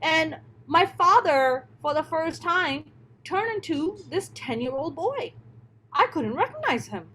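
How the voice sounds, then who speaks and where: A woman's voice: very high-pitched, sing-song, a little slow, sharp tone, a little hiss or hum, poor audio. A woman comedian telling a personal story in an interview, blunt and emphatic, swearing often. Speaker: stand-up comedian, guest.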